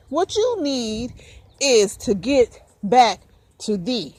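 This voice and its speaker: A woman's voice: on the high side, very animated, takes it slowly, a little mellow, no room sound. A woman hosting her own show, delivering a fired-up, profane, preachy monologue straight to her listeners. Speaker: podcast host. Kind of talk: ranting spoken monologue.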